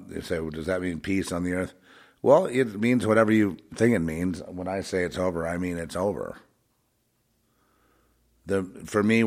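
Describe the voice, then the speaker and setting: A man giving an unscripted spiritual monologue in a blunt, repetitive way with scornful asides. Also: deep voice.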